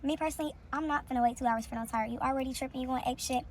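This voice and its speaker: A woman's voice: high voice, fairly even intonation, rapid-fire, slight background noise. A woman telling a story in a heated, profane rant to her viewers.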